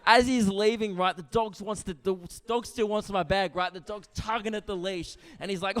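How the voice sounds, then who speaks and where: A man's voice: high-pitched, brisk, few pauses, a bit bright. A young man performing a stand-up routine. He talks brashly and conversationally, often tagging lines with "right?". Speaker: stand-up comedian. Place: comedy venue stage. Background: audience laughter.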